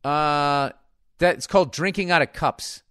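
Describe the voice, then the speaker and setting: A man's voice: a little high, unhurried, fairly bright tone, clean tone, no echo, clean studio sound. A man hosting a podcast as a comedian, reading listener mail in crude, joking, rambling chat.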